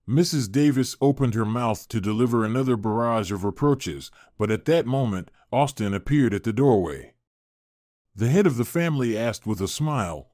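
A man narrating a scripted story in an expressive storytelling manner. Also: mid-range voice, normal speed, dry recording, studio quality.

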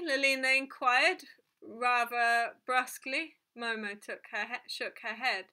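A woman reads a children's novel aloud in a gentle, even way. Her voice sits fairly high and sounds bright and forceful. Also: a little slow. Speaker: storybook reader.

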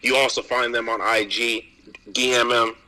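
A man's voice: medium pitch, flat delivery, normal speed, pushed and bright, poor audio. A man from San Jose co-hosting a podcast, talking in laid-back slang and reading sponsor plugs casually. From east side San Jose, US. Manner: laid-back slang, "you know what I'm saying". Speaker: podcast co-host.

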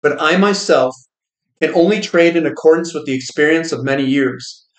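Casting: man voicing dignified old trader, formal and stubborn, fairly high voice, roomy sound. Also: moderate pace, lightly acted. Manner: formal, old-fashioned address. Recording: roomy echo.

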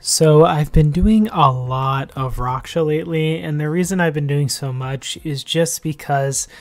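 A man's voice: fairly high pitch, a little slow, faint music behind. A man hosting a gaming vlog in a loose, chatty way, full of fillers, speaking into a desk microphone. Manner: chatty, loose, heavy on "like" and "you know". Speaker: gaming channel host. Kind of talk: casual game commentary vlog.

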